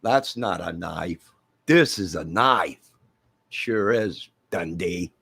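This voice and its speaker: A man's voice: low voice, expressive, takes it slowly, vocal fry, pushed and bright, husky, no room sound, full character voice. A man putting on a playful, exaggerated for a joking bushman character. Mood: boastful. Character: joking mock Australian bushman, adult man.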